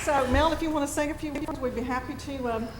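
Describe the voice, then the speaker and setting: A woman's voice: high voice, steady tone, fast talker, crowd noise. A woman council member and former news anchor giving chatty, affectionate remarks at a meeting. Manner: chatty, affectionate, laughs often. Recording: noisy meeting chamber.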